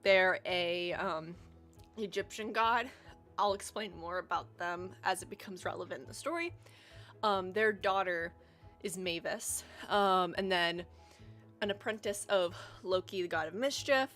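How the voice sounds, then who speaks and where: A woman's voice: mid-range voice, a little slow, a bit bright. Young woman streamer, casual rambling chat, faint music underneath. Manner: chatty, rambling, frequent ums. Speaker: livestream host.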